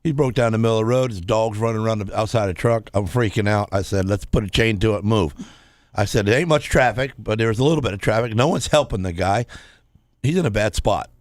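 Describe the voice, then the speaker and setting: A man co-hosting a radio talk show, telling a story, jumping his pitch up to act out other people's lines. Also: fast talker, no room sound, clean studio sound. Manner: animated, acts out quotes with big pitch jumps. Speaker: co-host. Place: radio studio. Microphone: studio microphone.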